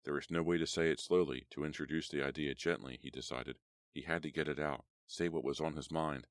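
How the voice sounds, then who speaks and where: A man narrating a horror audiobook in a measured, steady way. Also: very deep voice, no echo, clean studio sound.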